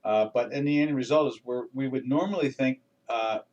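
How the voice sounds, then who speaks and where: A man's voice: medium pitch, fairly quick, a little mellow, recorded from a distance, muffled recording. An older man hosting a live trading webinar, talking through charts in a folksy, rambling way with many restarts and fillers. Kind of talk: casual live market commentary.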